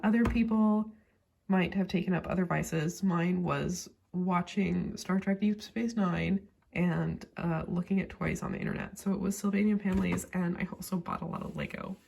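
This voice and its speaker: A woman with a low, gravelly voice chats about her collection in a loose, rambling way. She is a bit under the weather and stops now and then to cough. The talk stays relaxed, with plenty of "like" and "you know". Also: moderate pace, slight background noise. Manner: chatty, rambling with many fillers. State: sick, pausing to cough. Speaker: toy collector vlogger. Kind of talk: casual chat.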